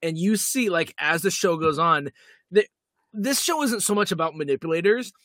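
A man's voice: on the high side, lively intonation, moderate pace, a bit bright, no echo, clean studio sound. A man co-hosting a casual podcast, talking with enthusiasm and firm opinions about TV characters. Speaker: podcast co-host.

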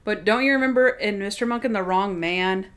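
A woman co-hosts a podcast, chatting casually about TV episodes. She talks in an animated way with plenty of filler words. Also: mid-range voice, a little fast. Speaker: podcast co-host. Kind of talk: casual chat reviewing TV episodes.

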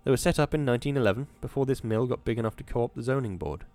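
A man's voice: mid-range voice, rapid-fire, a little mellow, natural voice. A man reading the lines of a defiant, sarcastic young mill worker, with a cocky, mocking delivery.

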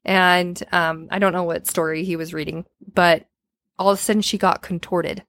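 Chatty woman, fairly low voice. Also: little pitch movement, normal speed, a bit bright, no room sound, studio quality. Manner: chatty, retells a story with many filler words. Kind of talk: casual storytelling.

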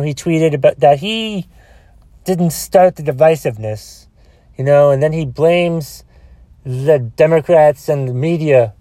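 Alone with his phone, a man rants as a solo podcaster, exasperated and profane, rambling and restarting often. His voice is high and darkish, recorded with studio quality and no echo.

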